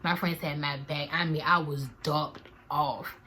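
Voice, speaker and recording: A woman's voice: sits low, steady tone, unhurried, pushed and bright, a little hiss or hum. A young woman in her twenties, chatting animatedly to viewers in a slangy storytime vlog. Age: 20s. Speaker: vlogger.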